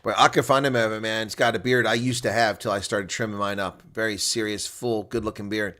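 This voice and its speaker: Excitable bright-voiced male rugby commentator. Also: on the low side, brisk. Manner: chatty, addresses viewers as folks, bursts into loud excitement on big plays. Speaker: live watch-along rugby commentator. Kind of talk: live reaction play-by-play commentary. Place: home setup streaming a reaction broadcast.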